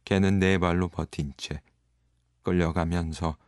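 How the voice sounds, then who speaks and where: A man reading a story aloud as narrator, in a brisk, steady manner. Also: low-pitched, no room sound, studio quality. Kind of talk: audiobook reading.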